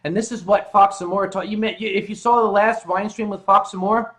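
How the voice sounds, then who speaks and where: A man's voice: sits high, steady tone, a little fast, low-quality recording. A man hosting a casual livestream, joking with a co-host and reading chat messages aloud. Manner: jokey, reads chat aloud, bursts into loud mock shouting.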